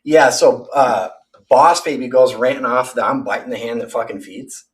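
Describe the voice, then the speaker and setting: A man's voice: mid-range voice, moderate pace, far from the mic. A man delivering an angry, profane rant full of threats and repetitions.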